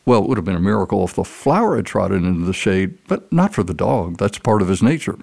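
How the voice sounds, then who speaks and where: A man as a podcast guest, explaining ideas and telling a story in an earnest, animated way. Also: low-pitched, quick pace, vocal fry. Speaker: guest speaker. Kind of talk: casual storytelling in an interview.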